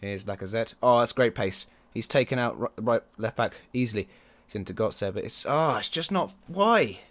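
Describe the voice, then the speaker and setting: A man commenting on his own football management game, excitable and quick to groan or yell at the match. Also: medium pitch. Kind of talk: let's play commentary.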